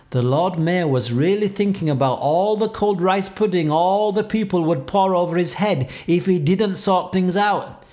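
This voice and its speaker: A man reads a children's storybook aloud in a playful, expressive way. His voice sits a touch high, and he swings his pitch up and down to bring the scenes to life. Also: moderate pace. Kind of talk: storybook read-aloud narration.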